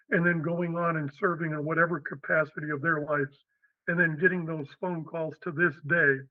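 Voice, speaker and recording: Older guy from western pennsylvania telling stories in an interview, high voice, dry kinda dull audio. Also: dry recording. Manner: animated, acts out quotes. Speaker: podcast guest. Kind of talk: storytelling interview.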